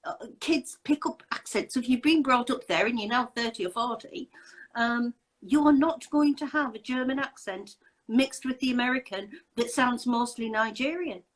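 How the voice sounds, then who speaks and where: Woman hosting a chat, fairly high voice, chatty and emphatic, sounds fed up. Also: normal speed, low-quality recording. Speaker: host. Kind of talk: casual video chat.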